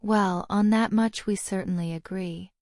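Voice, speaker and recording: A stiff, sardonic wizard ambassador with an Australian accent, as a woman reads him, clipped and dry in his replies. The voice is warm and mellow and recorded close and dry, with no room around it. This is a storybook reading. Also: mid-range voice, steady tone, unhurried, no echo, lightly acted. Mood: curt. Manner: curt and dry.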